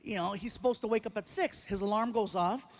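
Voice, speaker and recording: This middle-aged comic performs live, speaking fairly fast with a high-pitched voice. He spins exaggerated, animated stories that build to punchlines.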